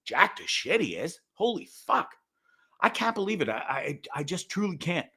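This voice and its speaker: A man hosting his own show, telling a story in a profane, animated rant with sudden loud outbursts. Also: fairly high pitch, normal speed, breathy edge. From Canada. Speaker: podcast host. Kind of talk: casual ranting monologue.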